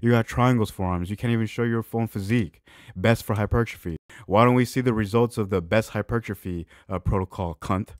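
Crude mocking man with a deep, smooth voice. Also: a little fast, few pauses, no echo, studio quality. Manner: shifts between loud outbursts and low mumbling. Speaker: reaction video host. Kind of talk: profane ranting reaction commentary.

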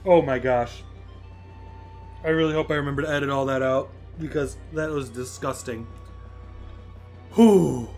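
A man hosting a let's play, commenting live on his gameplay with loud exclamations and groans. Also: mid-range voice, unhurried, long pauses, soft background music.

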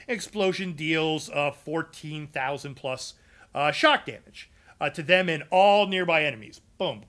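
Talking loosely to his live chat, a man streams a casual walkthrough of a game character build, full of ums and uhs. His voice is a little high and a bit bright.

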